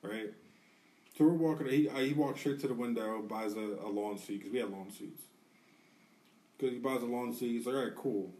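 Animated, profane man telling a story. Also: mid-range voice, moderate pace, far from the mic. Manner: animated, profane, acts out quotes. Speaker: podcast co-host. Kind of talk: casual storytelling.

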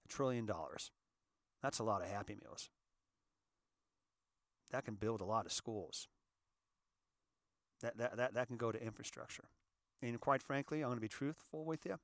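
A man's voice: mid-range voice, moderate pace, long pauses, fairly bright tone, no echo, clean studio sound. A middle-aged American man, a volunteer fire captain, giving an impassioned monologue that repeats key phrases and addresses the audience directly. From United States.

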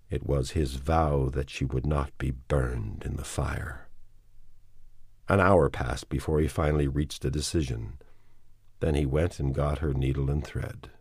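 Man narrating an audiobook, somber, measured, very slow, husky tone. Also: a bass voice, a little mellow, no echo, clean studio sound. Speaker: audiobook reader.

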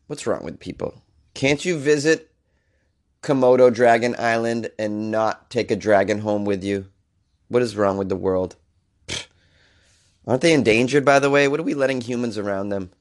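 A male comedian hosts a news podcast and is feeling under the weather. He reads each story and then breaks into exasperated rants. His voice is of middle pitch. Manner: exasperated, ranting. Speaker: podcast host.

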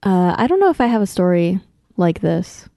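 A woman with a warm, mellow voice chats easily as a podcast co-host. Her delivery is relaxed and conversational, recorded dry and close. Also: on the low side, normal speed, no echo. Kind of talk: casual chat.

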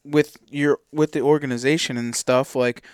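A man hosting a podcast speaks in a smooth, resonant mid-range voice. He asks his questions loosely and casually, with plenty of fillers, recorded close and dry with no room around him. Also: mid-range voice, fairly even intonation, moderate pace, dry recording. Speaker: podcast host.

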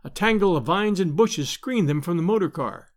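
A man's voice: sits high, expressive, moderate pace. A man narrating a classic story aloud, reading expressively and lightly voicing the characters. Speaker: narrator and podcast host.

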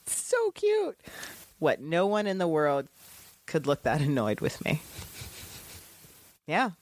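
A woman's voice: low-pitched, expressive, measured pace. A woman co-hosting a casual rewatch podcast, gushing about characters, swearing casually and laughing often. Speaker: podcast co-host.

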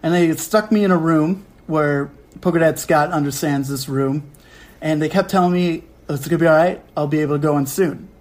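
A young man hosting a casual podcast from home, telling a story in an animated way and acting out quick quotes. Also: fairly high pitch, low-quality recording. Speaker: podcast host. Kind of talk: casual chat.

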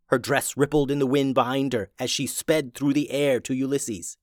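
Male storyteller, mid-pitched, expressive read, dry close recording. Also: moderate pace, no room sound. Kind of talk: children's storybook narration.

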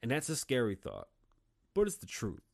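A man's voice: mid-range voice, huge pitch swings, normal speed, vocal fry. Blunt profane man ranting on a podcast. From Las Vegas, Nevada. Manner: blunt and profane, heated bursts. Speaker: podcast host. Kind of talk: opinionated monologue.

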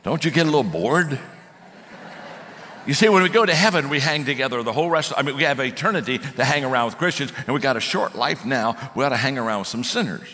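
A man's voice: medium pitch, fast. A middle-aged man preaching a sermon, telling stories with lots of restarts and repeated words. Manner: animated storytelling with frequent restarts. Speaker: speaker and coaching company owner. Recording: long hall reverb.

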